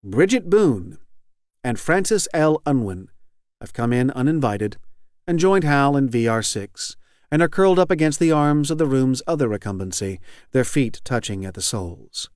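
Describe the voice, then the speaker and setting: A man's voice: medium pitch, very animated, normal speed, darkish tone, dry recording. Dry, close-miked male audiobook narrator. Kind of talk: scripted narration.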